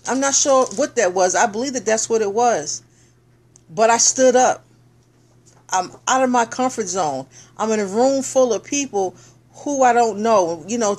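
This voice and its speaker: A middle-aged woman talking casually to viewers on a live stream, excited and encouraging, thanking people as she tells a personal story. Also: a little high. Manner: excited, animated, preachy encouragement.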